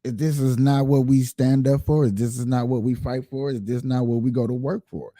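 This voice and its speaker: A man's voice: mid-range voice, fairly even intonation, fairly quick, mellow, dry recording, clean studio sound. A man hosting his own livestream, talking politics earnestly and repeating himself as he speaks straight to his viewers. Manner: earnest, repetitive, addresses viewers directly. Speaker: livestream host. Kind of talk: casual political livestream talk.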